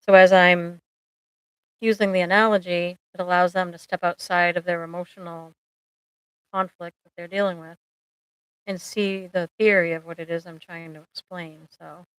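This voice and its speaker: A woman therapist talks casually on her own live stream, chatty and quick with a joke, always reaching for an analogy. Her voice sits a little low and sounds smooth and clear. The mic is close, with a dry sound and no room around it. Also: little pitch movement, a bit bright, no room sound, rough recording. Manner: chatty, jokey, uses analogies and playful asides. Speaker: therapist and livestream host.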